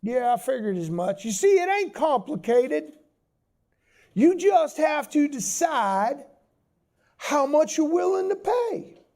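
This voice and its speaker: A man puts on a grizzled older SEAL instructor with a deep Southern drawl. He sounds folksy, then menacing, with a raised, forceful voice that climbs high. His manner is that of a hard-bitten military veteran. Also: very animated, slow pace, full character voice. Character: gruff older male SEAL instructor with a limp.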